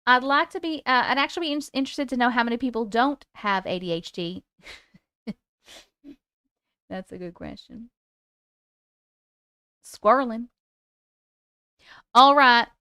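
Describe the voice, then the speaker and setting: A woman's voice: high voice, lively intonation, moderate pace, pauses often, pushed and bright, clean tone, dry recording, studio quality. A woman in her forties hosting a livestream, chatting with viewers and reading their stories aloud in a bubbly, casual way. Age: 40s.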